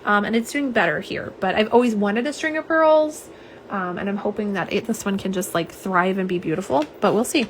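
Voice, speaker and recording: A young woman who swatches nail polish hosts a live stream from her home office, reading out viewer comments at a fairly quick clip. Her mid-pitched voice is chatty and warm, full of fillers and asides, with faint noise underneath.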